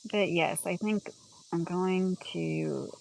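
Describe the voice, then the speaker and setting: A woman chatting casually on a livestream as she walks through her home and garden, rambling with lots of "like" and quick laughs. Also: lowish voice, steady tone, vocal fry, a little mellow, a little hiss or hum, rough recording.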